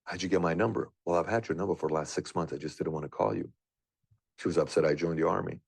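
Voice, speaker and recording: Guy in his 30s rambling through a personal story, earnest and questioning, deep voice. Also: steady tone, quick pace, vocal fry, husky, no room sound. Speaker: guest sharing a personal story.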